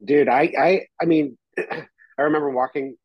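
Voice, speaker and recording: A man co-hosting a podcast in casual chat, rambling in a laid-back way and often clearing his throat. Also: fairly high pitch, unhurried, dry recording, highs cut off. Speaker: podcast co-host.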